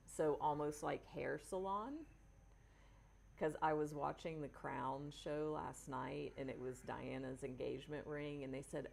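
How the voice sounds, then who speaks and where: A woman hosts a live session in a relaxed, chatty way, reading out and answering her viewers' comments. Her voice sits very low, with a gravelly fry running through it, and she takes her time over each phrase. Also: unhurried. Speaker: Reiki healer hosting a live session. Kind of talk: casual live-stream chat with viewers.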